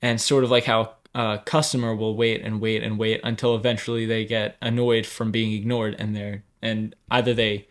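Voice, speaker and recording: A man's voice: fairly low pitch, little pitch movement, normal speed, hardly any pauses. A man on a faith podcast panel who hesitates and stumbles, building an extended analogy to make his point. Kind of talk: casual faith discussion.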